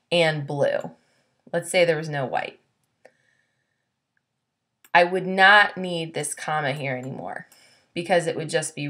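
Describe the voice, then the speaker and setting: A woman teacher narrating a classroom lesson, explaining slowly and clearly and reading example sentences aloud. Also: deep voice, fairly bright tone.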